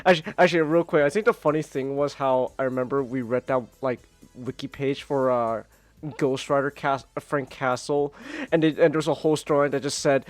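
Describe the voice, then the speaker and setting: A man's voice: medium pitch, steady tone, brisk, no room sound. Laid-back male streamer, dry mic. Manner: laid-back, laughs often. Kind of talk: casual chat while reading comics. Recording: dry close mic with faint music.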